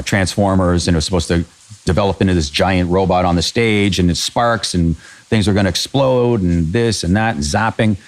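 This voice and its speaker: A middle-aged man from Canada, a podcast guest, telling blunt, profane backstage stories in a casual way. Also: deep voice. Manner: blunt, profane, animated anecdotes. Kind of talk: casual storytelling.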